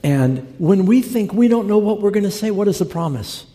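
A man's voice: high-pitched, animated, moderate pace, mellow, in a large hall. A man preaching a sermon, telling stories in an earnest, conversational way and quoting scripture. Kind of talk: sermon with storytelling.

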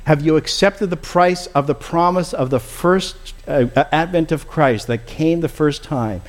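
A man's voice: a little high, unhurried. A man preaching a sermon and leading a closing prayer, earnest and pleading, often calling his listeners friends.

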